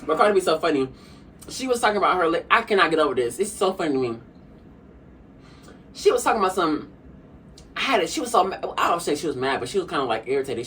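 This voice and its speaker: A young woman vlogger chatting casually while eating, sassy and talkative, often calling the viewer honey. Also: fairly low pitch. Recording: a bit distant from the mic, faint room hum.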